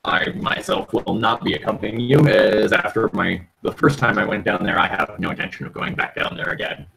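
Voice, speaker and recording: A man's voice: fairly low pitch, a little fast, creaky, bright, forceful tone, breathy edge, exaggerated voice, low-quality recording. A man voicing a grumbling mine foreman. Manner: complains about lost work hours.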